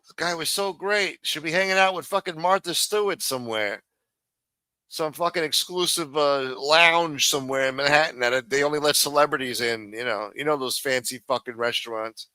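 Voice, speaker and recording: A man's voice: fairly high pitch, moderate pace, pushed and bright, no echo. A man hosting a live stream, commenting casually on a clip in a rambling, profane, exasperated way.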